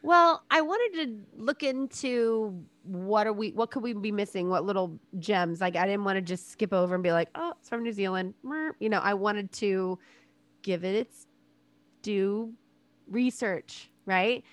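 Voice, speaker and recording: A woman's voice: medium pitch, measured pace, dry recording. A woman co-hosting a podcast, talking casually and rambling a bit, laughing at her own slips. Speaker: podcast co-host. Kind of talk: casual chat.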